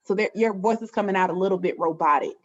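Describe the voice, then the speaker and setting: A woman opens and runs an online lunch-and-learn session. She talks in a friendly, chatty way at a middle pitch, with plenty of "um"s. The video-call audio sounds slightly dull and muffled. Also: fast. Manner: friendly, chatty, with frequent "um" fillers. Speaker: webinar host. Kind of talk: casual hosting with housekeeping announcements.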